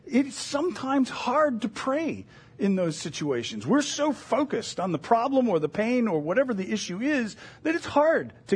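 A man's voice: high voice, husky. A middle-aged man preaching a sermon as a pastor, in an earnest, conversational way with self-deprecating asides.

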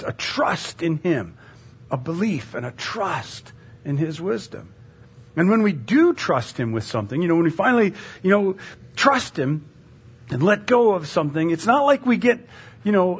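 A man's voice: high-pitched, slightly rough. A male pastor praying and then preaching a sermon in a casual, storytelling way, with lots of fillers. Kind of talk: conversational sermon.

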